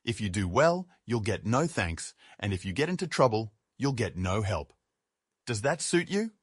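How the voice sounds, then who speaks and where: A man's voice: on the low side, big pitch swings, moderate pace, husky, dry recording, clean studio sound. A man reading as a blunt intelligence colonel. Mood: warning. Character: curt male intelligence colonel, older, matter-of-fact.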